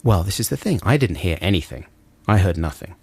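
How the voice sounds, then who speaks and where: A man co-hosting a radio show, telling a long anecdote in casual chat, and his voice climbs high when he acts out his anger. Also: lively intonation, fairly quick, a little mellow, husky, dry recording. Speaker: radio co-host. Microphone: studio microphone.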